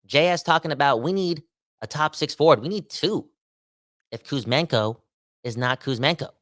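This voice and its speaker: A Canadian man hosting a sports podcast solo, talking in an animated, slangy, emphatic way and repeating himself for effect. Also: fairly high pitch, normal speed. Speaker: podcast host. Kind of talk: casual sports podcast rant.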